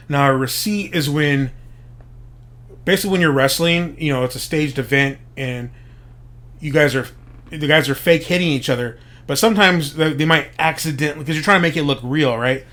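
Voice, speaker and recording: A man hosts his show with a loose, profane monologue, speculating and stopping to explain slang. His voice sits a little high for a man, and he talks in an easy, conversational way. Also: normal speed, a bit bright. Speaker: podcast host. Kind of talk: casual commentary monologue.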